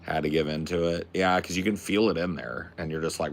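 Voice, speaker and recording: A very deep, gravelly young man chats loosely with his stream, slangy and profane. Faint noise hums under his voice. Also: steady tone, brisk, hardly any pauses. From Pacific Northwest. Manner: laid-back, slangy, swears a lot. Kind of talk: casual livestream chat.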